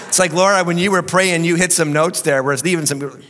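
A man's voice: a little high, brisk, fairly bright tone. A man preaching a sermon as pastor while he has a cold, his voice cracking at times, emphatic with joking asides. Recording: long reverb of a large hall.

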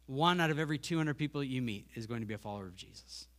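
A man preaching a sermon from a church stage, animated, acting out voices and asides with self-deprecating humor. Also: medium pitch, rapid-fire. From Montreal. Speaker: pastor.

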